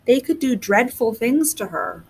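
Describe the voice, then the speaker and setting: A woman's voice: a little high, lively intonation, unhurried, a little hiss or hum. A woman reading aloud, voicing a determined, stubborn young girl who insists on what she knows. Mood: worried. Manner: insistent, earnest.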